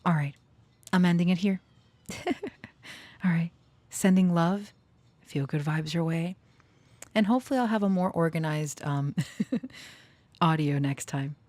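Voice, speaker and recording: A woman speaking emotionally in a casual personal talk, nervous and close to tears, laughing softly between thoughts. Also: on the low side, measured pace, long pauses, no room sound. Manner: sings and half-whispers song lyrics. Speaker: channeler and storyteller.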